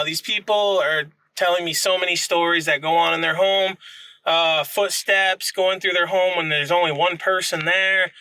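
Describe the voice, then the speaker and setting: Bright-voiced laid-back male vlog host. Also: high voice, smooth, no echo, poor audio. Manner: laid-back, enthusiastic, filler-heavy. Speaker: paranormal investigation host. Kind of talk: casual vlog intro and interview.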